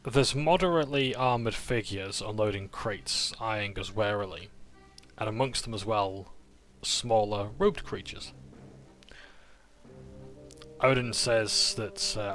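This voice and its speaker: A man's voice: fairly low pitch, a little slow, fairly bright tone, soft background music. A man casually recapping a tabletop game session, with frequent "uh"s and self-corrections as he narrates.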